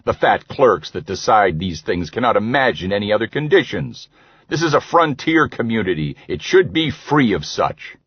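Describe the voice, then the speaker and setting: A man's voice: lowish voice, big pitch swings, moderate pace, husky, dry recording, exaggerated voice. A man voicing a pompous, scornful older doctor in an audiobook. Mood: indignant. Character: cantankerous, blustering older male doctor. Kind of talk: audiobook character voice. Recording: slightly dull, dry recording.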